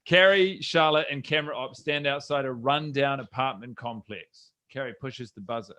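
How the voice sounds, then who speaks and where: A man's voice: mid-range voice, normal speed, pushed and bright, no room sound. A man with a New Zealand accent reading stage directions aloud for a live comedy script reading, dropping wry asides.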